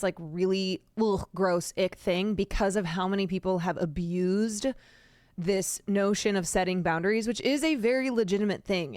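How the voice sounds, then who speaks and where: Smooth-voiced woman streamer, rambling commentary. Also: medium pitch, no room sound, studio quality. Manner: rambling, with restarts and fillers; emphatic, repeats words for stress. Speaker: streamer reacting to a video. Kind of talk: casual live-stream commentary.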